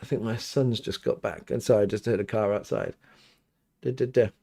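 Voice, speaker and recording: A man's voice: fairly low pitch, steady tone, a little fast, creaky, dark tone, slightly rough. Rambling man chatting live. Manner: rambling, many restarts and fillers. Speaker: priest hosting a livestream. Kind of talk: casual live Q&A chat. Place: home studio.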